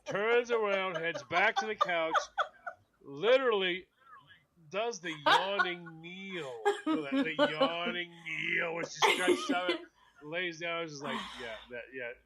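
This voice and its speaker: A man's voice: high voice, a little slow, over a noisy crowd. A man co-hosting a casual online radio chat, telling a story with acted-out voices and plenty of swearing. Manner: animated storyteller, acts out a dog's voice, swears freely. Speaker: co-host.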